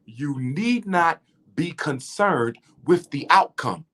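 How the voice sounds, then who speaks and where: A man's voice: on the high side, expressive, slow, a bit bright. A middle-aged man speaking in a preacherly, rhythmic way, building emphasis through repetition. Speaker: guest speaker. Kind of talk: impassioned lecture in conversation.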